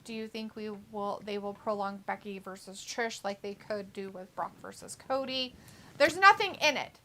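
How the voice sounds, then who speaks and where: A woman's voice: mid-range voice, moderate pace, pushed and bright. A woman co-hosting a wrestling watch-along live stream in casual chat, reading viewer comments aloud and reacting to them. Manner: chatty, reads chat messages then reacts.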